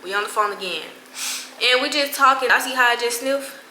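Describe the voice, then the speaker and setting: A woman's voice: on the high side, a little fast, pushed and bright, roomy sound, slight background noise, rough recording. A young woman telling a story to her viewers in casual, slangy chat, with laughing asides. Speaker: vlogger.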